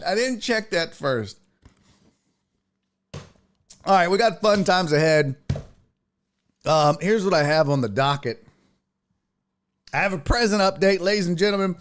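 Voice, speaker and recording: Brief: male sports stream host, casual and profane, very animated pitch, chats with viewers. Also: slow, pauses often. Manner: rambling, profane, reads chat aloud. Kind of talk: casual live-stream chat.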